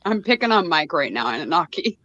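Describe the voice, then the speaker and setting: A woman's voice: low voice, big pitch swings, fairly quick, bright, forceful tone, highs cut off. A woman in her forties from Illinois, teasing and giggling as she chats casually on a group video call. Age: 40s. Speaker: panel guest.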